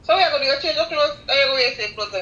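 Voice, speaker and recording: A woman on a phone video call asking quick, short questions. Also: high-pitched, animated, bright, forceful tone. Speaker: family member on a call. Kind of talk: casual video call chat. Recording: slightly dull phone call audio.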